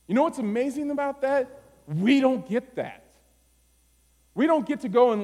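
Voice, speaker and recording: A man preaching a sermon, moving from low, quiet phrases to high, urgent pleading. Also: lively intonation, moderate pace. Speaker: pastor. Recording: long hall reverb.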